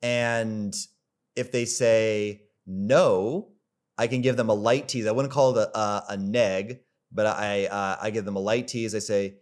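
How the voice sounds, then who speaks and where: A man's voice: lowish voice, steady tone, measured pace. A man coaching on dating in a rambling, casual way, full of fillers and the odd swear word. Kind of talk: casual coaching monologue to camera.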